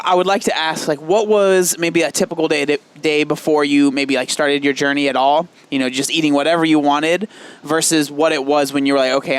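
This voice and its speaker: A man hosting a podcast interview, asking curious questions and sharing advice in a measured, encouraging way. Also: fairly high pitch, clean tone, no echo. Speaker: podcast host. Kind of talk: interview conversation.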